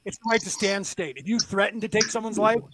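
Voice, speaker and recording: Fast-talking high-voiced man telling stories. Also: a loud crowd. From California. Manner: animated storyteller who acts out quotes. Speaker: podcast co-host. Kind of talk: casual stoned chat.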